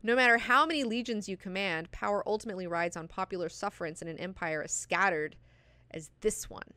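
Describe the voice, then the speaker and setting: A woman reading the lines of a stern male warrior counselor aloud from a novel in a level tone, with her own bright voice. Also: medium pitch, a little fast, dry recording, lightly acted. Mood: earnest warning. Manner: read aloud from a book in a level tone.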